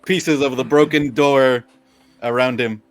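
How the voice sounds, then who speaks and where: A man running a tabletop game as game master, calmly describing scenes to the players. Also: mid-range voice, unhurried. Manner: calm descriptive narration.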